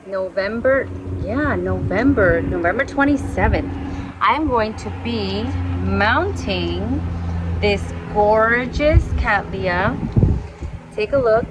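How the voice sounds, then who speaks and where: A woman's voice: mid-range voice, slight background noise, low-quality recording. A woman chatting enthusiastically to her viewers as she shows a hobby project outdoors. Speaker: orchid vlogger. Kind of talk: casual chatty demonstration. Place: outdoors in the sun and wind.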